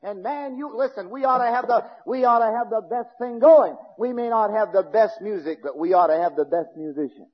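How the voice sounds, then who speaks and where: Fiery preacher, man with a very high husky voice, shouts then drops low, dull recording echoing through a big hall. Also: a little fast, hardly any pauses. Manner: swings between shouting and low intense speech. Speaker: pastor. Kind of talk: fiery sermon. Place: church sanctuary.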